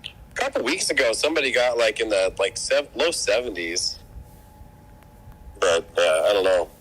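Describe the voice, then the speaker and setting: A man's voice: fairly low pitch, sing-song, normal speed, fairly bright tone, husky, rough recording. A man streaming a mobile strategy game, rambling and joking with his teammates in casual voice chat, often restarting his sentences. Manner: rambling and jokey, with many restarts. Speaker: streamer and alliance player.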